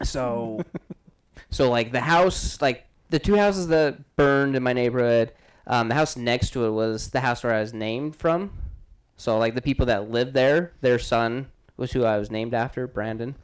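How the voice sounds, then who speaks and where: A man in his thirties chats on a podcast, wandering through a story with plenty of fillers. His voice is smooth and resonant, pitched in an ordinary middle range. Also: measured pace. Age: 30s. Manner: rambling storyteller, many fillers. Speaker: podcast host. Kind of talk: casual chat.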